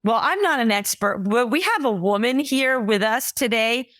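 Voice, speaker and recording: A woman co-hosting a podcast in easy, bantering conversation, laughing often. Her voice sits at an ordinary pitch and is recorded dry and close. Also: animated, normal speed, fairly bright tone, no room sound. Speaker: podcast co-host. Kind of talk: casual chat.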